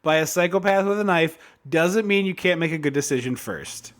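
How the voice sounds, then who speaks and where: A man with a somewhat high, bright and forceful voice co-hosts a casual movie podcast. He talks with sarcastic, mocking asides and laughs often. His delivery is loose, joking and conversational. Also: brisk. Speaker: podcast co-host. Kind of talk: casual comedic movie discussion.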